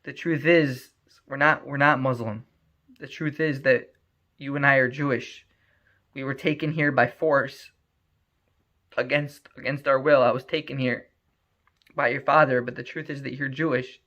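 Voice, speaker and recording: A man's voice: mid-range voice, steady tone, normal speed, long pauses, sharp tone, lightly acted. A man voicing a loving mother who urgently and tenderly pleads with her son, on a muffled lo-fi recording.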